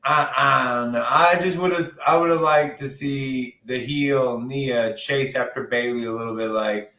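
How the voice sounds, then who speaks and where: A man's voice: mid-range voice, fairly even intonation, measured pace, sharp tone. Profane, rambling man in an echoey room. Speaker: podcast co-host. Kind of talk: casual wrestling chat. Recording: roomy echo.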